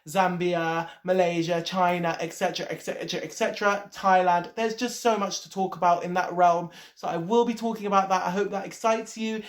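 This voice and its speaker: A young adult woman, an actor, talking to her viewers in a chatty, emphatic vlog style with some casual swearing. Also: medium pitch. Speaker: actor and vlogger. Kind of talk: casual vlog talk to camera.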